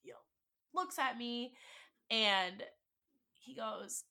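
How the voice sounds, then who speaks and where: A woman's voice: a little high, slow pace, pauses often, sharp tone. A woman in her twenties, a podcast host, telling a personal heartbreak story with emotion and swearing, acting out both sides of the dialogue. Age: 20s. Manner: emotional, swearing, quoting dialogue with rising intensity.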